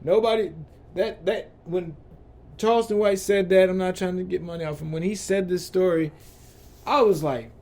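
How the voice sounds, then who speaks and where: A podcast host delivers heated, profane ranting commentary, repeating rhetorical questions. His voice is high and darkish in tone, at normal speed.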